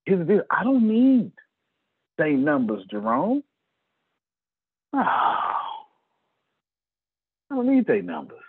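A middle-aged man giving an animated business pep talk to his team, acting out conversations in shifting voices. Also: high-pitched, slow pace, pauses often, husky, dry recording, narrow, tinny audio.

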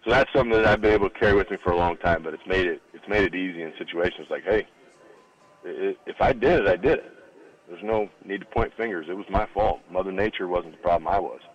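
A middle-aged former college football lineman, appearing as a guest in a radio broadcast studio, tells a long anecdote in a casual, chatty interview. His lower voice moves at a quick pace and jumps up in pitch whenever he quotes the people he acts out. The recording sounds muffled.

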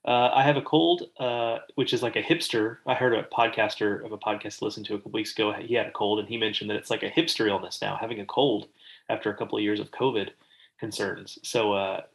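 A man's voice: fairly low pitch, steady tone, fast talker, creaky, poor audio. Man with a stuffy nasal cold voice. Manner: rambling, conversational. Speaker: podcast co-host. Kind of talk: casual podcast chat.

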